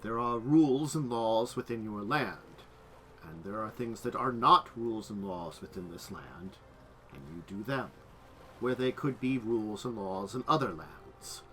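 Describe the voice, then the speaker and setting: A stern otherworldly official devoted to law and order, put on by a man. The voice sits a little low and hushed, with slow, formal phrasing. It is from a tabletop game. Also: lively intonation, a little hiss or hum. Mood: solemn.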